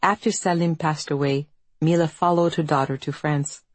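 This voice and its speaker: A woman author reading her own book in a measured, reflective storytelling manner. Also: sits low, steady tone, dry recording. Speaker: author and narrator. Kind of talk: audiobook narration.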